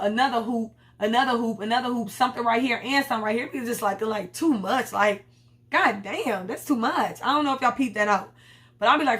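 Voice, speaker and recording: A woman recapping a TV episode in casual, profane chat, bluntly retelling scenes in her own words and voices. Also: on the high side. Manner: blunt, profane, animated storytelling with quoted voices. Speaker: TV recap host.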